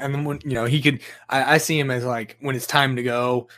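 A man hosting a casual podcast chat, talking in a halting way with frequent restarts and easy laughs. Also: medium pitch, flat delivery, fairly bright tone. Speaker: podcast host.

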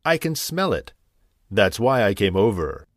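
A man's voice: on the low side, sing-song, unhurried, dry recording, clean studio sound. A man voicing a fat, wet, smiling male toad in a storybook reading, cheerful, sing-song and cheeky.

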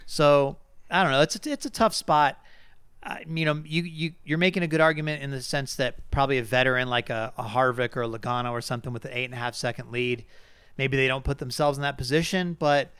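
A man's voice: medium pitch, steady tone, a little fast, a bit bright, clean tone, no room sound. A man co-hosting a podcast, chatting casually and hedging with lots of fillers and restarts. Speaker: podcast co-host. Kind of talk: casual sports chat.

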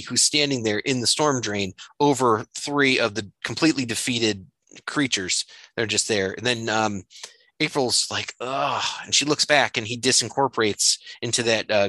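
A man's voice: medium pitch, no echo, poor audio. A man hosting a casual chat, recapping a comic story step by step. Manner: steady recap with frequent fillers.

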